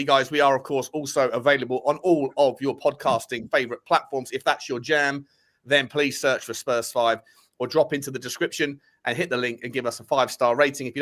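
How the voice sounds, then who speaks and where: A man's voice: fairly high pitch, fairly bright tone. A man hosting a casual fan podcast, chatty and upbeat with plenty of banter. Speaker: podcast host.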